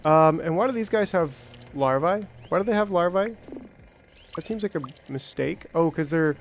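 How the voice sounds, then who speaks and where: Male streamer, slightly high voice, chatty self-talk with excited spikes. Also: moderate pace, slight background noise. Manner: rambling, self-talking, jokey with bursts of excitement. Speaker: gameplay streamer. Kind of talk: casual let's-play commentary.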